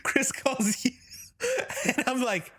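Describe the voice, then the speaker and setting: A man's voice: very high voice, huge pitch swings, slow pace, fairly bright tone, breathy edge. A young man, a podcast co-host, talking casually in a wry, rambling way with lots of swearing. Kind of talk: casual chat.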